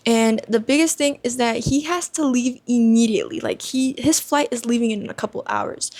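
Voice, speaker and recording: Rambling young woman vlogger. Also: a little high. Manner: rambling, heavy use of "like" fillers. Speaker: book vlogger. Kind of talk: casual first-impressions book chat.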